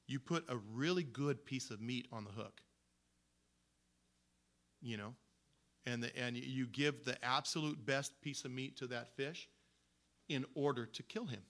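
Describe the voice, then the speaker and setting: A man's voice: medium pitch, a little slow, pauses often, fairly bright tone. A man preaching a sermon in a conversational, storytelling way, with frequent restarts. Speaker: pastor.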